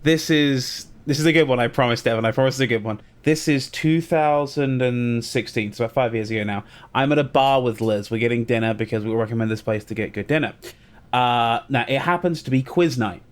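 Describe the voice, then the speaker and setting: British man, podcast co-host, chatty storyteller, mid pitch. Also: a little fast. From Britain. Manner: chatty anecdote teller. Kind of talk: casual chat.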